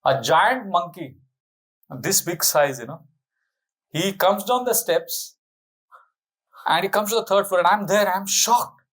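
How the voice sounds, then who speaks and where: A middle-aged man, a monk telling an animated, laughing anecdote as a spiritual talk. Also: high voice, unhurried, pauses often, rough recording. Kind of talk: storytelling sermon.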